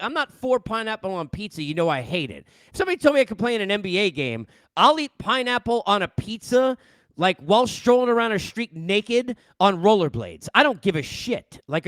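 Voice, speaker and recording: Animated New man ranting, high voice. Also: dry recording. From New York. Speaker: podcast host. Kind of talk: solo sports rant. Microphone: headset.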